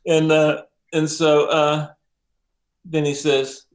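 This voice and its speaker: An older man, a mix engineer as interview guest, telling stories in a lively way, acting out quotes, with many ums and some swearing. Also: fairly high pitch, takes it slowly. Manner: animated storyteller, acts out quotes, frequent ums and profanity. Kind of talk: casual interview storytelling.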